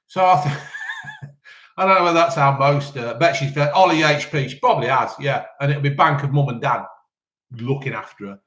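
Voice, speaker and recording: A man in his fifties hosts a casual live chat, answering viewers' questions with blunt, sweary banter. His voice sits a bit high for a man. The sound is echoey, as if he is in a bare room. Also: sing-song, fairly quick, fairly bright tone. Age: 50s. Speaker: live-stream host reading chat questions.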